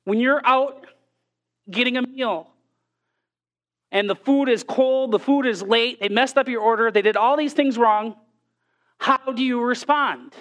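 A woman delivers a sermon in a fairly high voice. She speaks earnestly and keeps returning to rhetorical questions aimed at her listeners. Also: measured pace, pauses often, a bit bright. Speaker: preacher.

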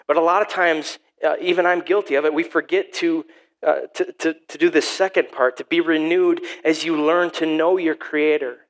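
A man's voice: fairly high pitch, fairly even intonation, moderate pace, poor audio. A man in his thirties, a pastor giving a sermon, rambling and repeating words as he tells a family story.

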